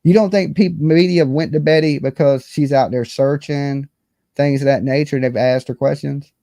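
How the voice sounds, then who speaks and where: A man's voice: a little high, fairly even intonation, moderate pace, dark tone, dry recording, clean studio sound. A man co-hosting a casual commentary show, blunt and exasperated, cursing often. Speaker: co-host.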